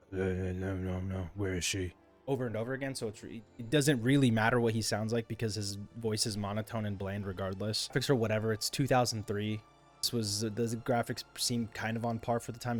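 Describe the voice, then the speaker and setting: A young man giving a casual, rambling game review monologue, exasperated and ranting as he goes. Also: medium pitch. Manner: exasperated, rambling, animated rants. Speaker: gaming video creator.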